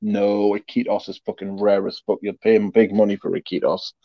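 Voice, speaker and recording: A man chatting casually about his collection over a video call, rambling with many pauses, restarts and swear words. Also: fairly low pitch, level tone, no room sound, highs cut off. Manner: laid-back, rambling, many ums and restarts. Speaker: perfume collector guest showing his collection. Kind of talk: casual chat, swearing freely.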